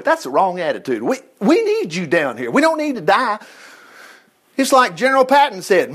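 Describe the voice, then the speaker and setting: A man's voice: high voice, a little fast. A man preaching a sermon, retelling a Bible story and acting out its people. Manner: animated, acts out the people in the story.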